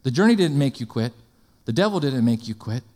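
A man preaching a sermon in an energetic, conversational way, often asking the congregation questions and slipping in jokes. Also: mid-range voice, a little fast.

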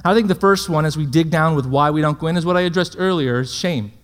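A man's voice: a little high, fast. A man preaching a sermon, full of rhetorical questions and checking in with his listeners. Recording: long hall reverb.

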